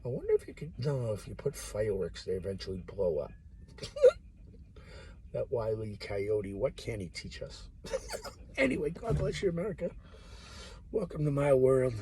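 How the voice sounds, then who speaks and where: A man thinks out loud in a rambling, off-the-cuff monologue, cursing freely and jumping between subjects. His pitch sits in an ordinary middle range but swings widely as he talks. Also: very animated, moderate pace, long pauses, a little hiss or hum. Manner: rambling, profane, jumps between topics. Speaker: vlogger.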